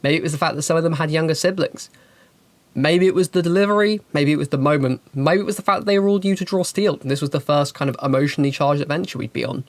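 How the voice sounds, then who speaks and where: A woman hosting a channel, giving game master advice in an animated, chatty and emphatic way. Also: low voice, quick pace, no room sound. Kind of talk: casual advice talk and storytelling.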